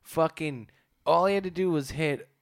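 A man's voice: fairly high pitch, moderate pace, vocal fry, no echo, studio quality. A young man co-hosting a casual sports chat, loose and profane, rambling with restarts. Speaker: podcast co-host.

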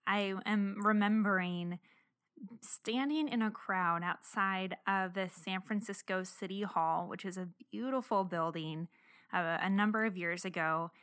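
A woman's voice: medium pitch, measured pace, fairly bright tone, smooth, no room sound, studio quality. A young woman hosting an interview show, earnestly questioning and thanking her guest. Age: young adult. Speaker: show host. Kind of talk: interview talk.

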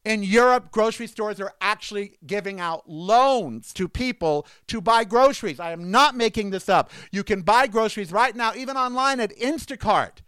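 Man near sixty, indignant sarcastic ranter, high resonant voice, dry close sound. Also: normal speed, few pauses, bright, forceful tone, clean tone, no echo. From United States. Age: 50s. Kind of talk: ranting monologue.

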